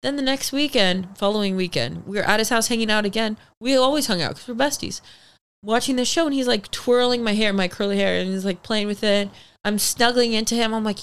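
A young adult woman as a podcast guest, telling stories in casual chat, animated, full of "like" and swearing. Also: mid-range voice, brisk, smooth. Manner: animated storytelling with lots of "like" and swearing.

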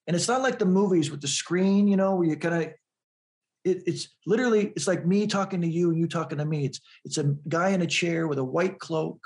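A man's voice: high-pitched, brisk, a little mellow. A man in an interview telling a personal story earnestly, often repeating words as he builds toward the point. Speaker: guest.

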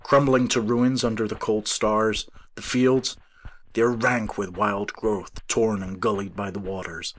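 A man voicing an older professor who speaks in a calm, solemn, measured way. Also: extremely low pitch, slight background noise, pitched below the performer's own voice. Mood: grave prophecy. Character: older male professor, grave and weary.

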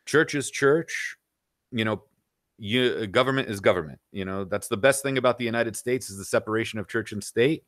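Blunt, rambling man with a low voice. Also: normal speed, a bit bright, no room sound, studio quality. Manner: blunt, rambling, frequent "you know". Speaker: podcast guest. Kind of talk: casual opinionated chat.

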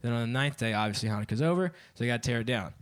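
A man's voice: mid-range voice, animated, racing, clean tone. A man in his twenties doing a stand-up set on a club stage, often laughing at his own jokes. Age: 20s. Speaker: stand-up comedian.

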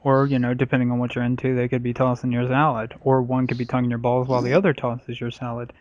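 A man hosts a casual podcast, swearing freely and laughing through his stories. His voice sits at a middle pitch. The sound is dry and a little muffled. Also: monotone, fast, a little mellow, no echo. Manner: profane, laughing storyteller. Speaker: podcast host. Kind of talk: crude casual podcast chat.

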